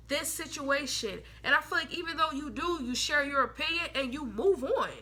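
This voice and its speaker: A young woman gives a loose, talkative tarot reading in a high, very bright voice. She speaks bluntly, swears casually, uses plenty of slang and slips into little voices for the people she quotes. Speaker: tarot reader.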